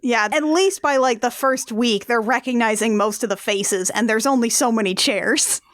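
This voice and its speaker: A woman with a slightly high voice chats about a movie on a podcast. She sounds incredulous and sarcastic, swearing casually. The sound is dry and close. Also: normal speed, no room sound. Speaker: podcast guest. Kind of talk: casual chat recapping a film.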